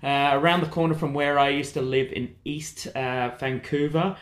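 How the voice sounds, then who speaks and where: A man co-hosting a casual travel chat, telling stories in a relaxed, easygoing way. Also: a little high, moderate pace. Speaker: podcast co-host, travel guide.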